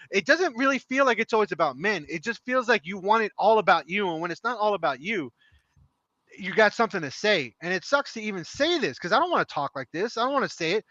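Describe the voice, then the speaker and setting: In a sharp-toned voice that sits high, a middle-aged man co-hosting a podcast rants heatedly, full of passion, emphasis and profanity. The sound is dry and dull lo-fi.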